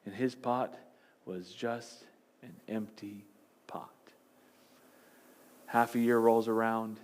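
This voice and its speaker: A man's voice: fairly low pitch, steady tone, takes it slowly. Man preaching a storytelling sermon. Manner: dramatic storytelling, dropping to soft emphasis. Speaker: pastor.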